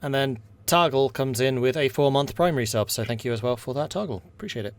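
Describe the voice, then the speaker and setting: A man's voice: mid-range voice, fast. A man hosting a tabletop game stream as game master, chatting casually and thanking subscribers. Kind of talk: casual chat between game sessions.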